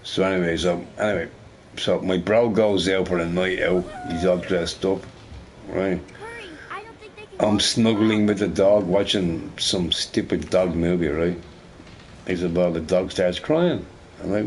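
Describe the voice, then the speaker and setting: A man's voice: deep voice, unhurried, darkish tone, slight background noise. A man telling a long, rambling story while playing a video game. He swears freely, repeats himself and keeps adding "you know, right?". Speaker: gamer recording gameplay. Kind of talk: casual storytelling over gameplay.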